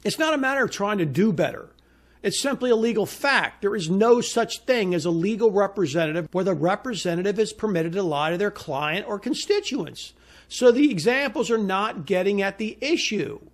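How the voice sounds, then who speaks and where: A man's voice: high voice, animated, moderate pace. A man giving an indignant, insistent solo opinion monologue as a commentator. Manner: indignant, ranting; emphatic, insistent.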